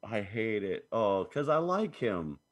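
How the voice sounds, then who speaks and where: Lower voiced guy on a podcast, swears, gets fed up, voice jumps around a lot. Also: big pitch swings, slow. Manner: profane, exasperated, agreeable. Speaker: podcast co-host. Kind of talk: casual chat.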